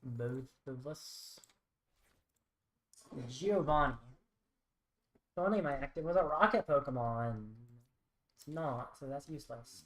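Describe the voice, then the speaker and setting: A woman talks through her card game moves at a leisurely pace, half to herself and a little wry. Her voice sits low. The sound carries a roomy echo. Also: lively intonation, slow pace, pauses often. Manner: muttering, thinking aloud, wry. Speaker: streamer. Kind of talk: live-stream card game commentary.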